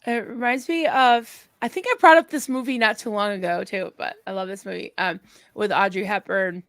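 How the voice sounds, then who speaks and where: A woman's voice: medium pitch, moderate pace, a bit bright, no room sound. A woman co-hosting a casual live-stream chat, telling stories in a chatty way. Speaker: co-host.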